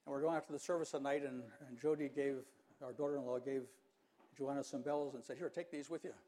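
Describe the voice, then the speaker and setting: An older man preaching a sermon in an earnest, measured way, pausing for emphasis. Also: mid-range voice, level tone, warm tone. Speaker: pastor.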